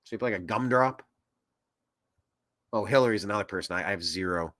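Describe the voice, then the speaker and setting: A man hosting a political commentary show, ranting in an animated way that swings between loud and soft. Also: fairly low pitch, a little fast, no echo, studio quality. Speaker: host.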